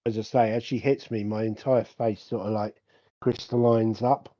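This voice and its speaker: A man playing in a tabletop game over online voice chat, making short, direct moves and asking quick questions. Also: fairly low pitch, fairly even intonation, warm tone, no room sound, dull audio. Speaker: player.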